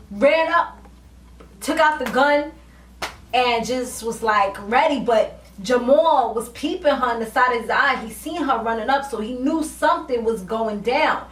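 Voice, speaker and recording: A woman's voice: high-pitched, measured pace. A woman vlogger recapping a TV episode in casual, slangy talk, animatedly acting out the characters' lines. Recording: roomy, distant from mic, faint ambience.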